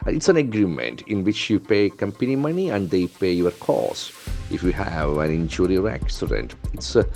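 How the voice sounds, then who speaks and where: Man, teacher, low voice, faint music underneath, spells words letter by letter. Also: sing-song, moderate pace, vocal fry, a little mellow. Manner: methodical, spells words out letter by letter, keeps calling words beautiful. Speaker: English language trainer. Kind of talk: lesson.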